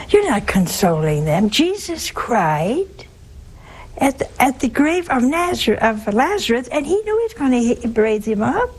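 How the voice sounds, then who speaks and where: Slow folksy woman preaching a sermon. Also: high voice, husky, low-quality recording. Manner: folksy, humorous, asks the audience questions. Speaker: religious teacher. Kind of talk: spoken sermon on works of mercy.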